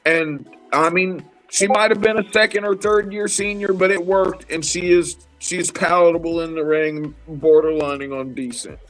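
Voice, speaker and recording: A man co-hosting a casual wrestling chat show, talking in an animated, profane, rambling way. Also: on the high side, moderate pace, hardly any pauses, soft background music, rough recording. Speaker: podcast co-host.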